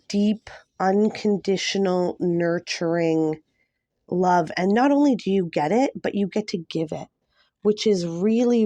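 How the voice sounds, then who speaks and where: Woman tarot reader, mellow and dry, chatty and effusive. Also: medium pitch, no echo. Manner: gushing and emotional, many fillers. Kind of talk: casual tarot reading to camera.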